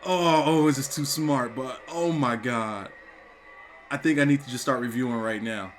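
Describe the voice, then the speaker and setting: A young man reacting live on camera for his review channel, stunned and repeating exclamations, with bursts of shouting. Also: medium pitch, normal speed. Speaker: wrestling reviewer.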